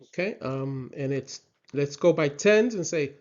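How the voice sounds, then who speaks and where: A man's voice: fairly high pitch, lively intonation, a little mellow. A man teaching a lesson, drilling words for the listener to repeat and checking in with "right?". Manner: slow, patient drilling with frequent "right?" checks. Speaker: Spanish teacher. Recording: slightly dull lo-fi sound.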